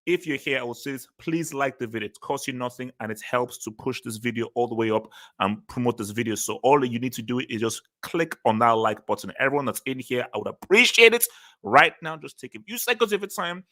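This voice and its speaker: Bright-voiced man hosting a loose chat. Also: mid-range voice, animated, brisk. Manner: loose, repetitive, laughing easily. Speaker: host. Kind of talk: casual livestream chat.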